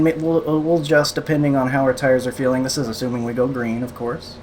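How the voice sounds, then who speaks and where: A man sim racing at home talks through it in a medium-pitched, flat voice at a fast pace. He thinks aloud, sounds slightly breathless, and laughs softly at himself during the casual live commentary. A little hiss or hum is present.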